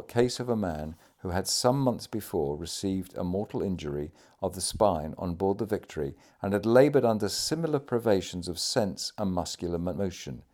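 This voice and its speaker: Low-voiced man reading history aloud. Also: darkish tone. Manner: measured, formal narration. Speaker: audiobook reader.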